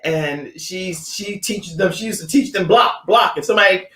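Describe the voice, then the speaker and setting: A woman's voice: medium pitch, normal speed, fairly bright tone. A middle-aged woman hosting a talk show, effusive and praising, reading viewer comments aloud. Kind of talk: casual chat. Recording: echoey room.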